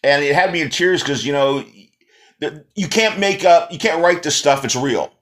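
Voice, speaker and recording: A man hosting an interview, talking in a casual, halting way with many restarts and fillers. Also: a little high, expressive, fairly bright tone. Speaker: host.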